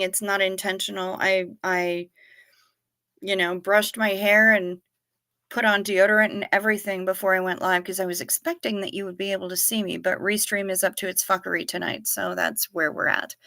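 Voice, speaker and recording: Rambling, profane woman streamer, bright voice. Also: mid-range voice, normal speed, creaky, no echo, studio quality. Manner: rambling, stammering restarts, profane and animated. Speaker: livestream host. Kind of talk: casual chat reading viewer comments. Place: home, livestream without camera.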